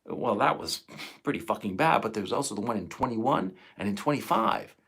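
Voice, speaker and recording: A man in his fifties delivers an impassioned live stream rant to his viewers. His voice is gravelly with a husky edge, and he swears often. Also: on the low side, expressive, fairly quick, a bit bright. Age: 50s. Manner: emotional, profane, impassioned ranting. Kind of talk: angry live stream monologue.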